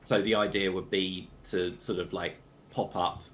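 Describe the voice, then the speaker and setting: A man's voice: low-pitched, fairly even intonation, unhurried, a bit bright, a little hiss or hum. A British man playing a tabletop game, thinking aloud with lots of hesitant fillers. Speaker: player.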